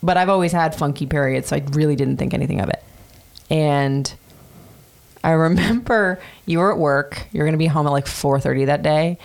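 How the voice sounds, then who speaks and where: A woman's voice: low voice, a little fast, vocal fry, darkish tone. A woman in her thirties casually telling a personal story on a podcast, chatty and profane with many fillers. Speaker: podcast host.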